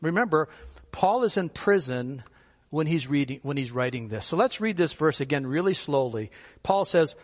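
A male pastor delivers a sermon in a friendly, conversational way, putting rhetorical questions to his congregation. His voice sits a little higher than most men's, and a long reverb from the church sanctuary trails after his words. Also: animated, moderate pace.

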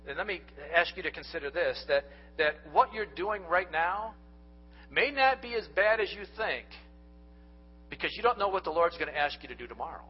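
Husky-voiced pastor preaching earnestly. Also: male voice, sits high, animated, brisk, faint music behind. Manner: earnest, speaks directly to the congregation; folksy storytelling. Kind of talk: sermon. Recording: dull lo-fi recording.

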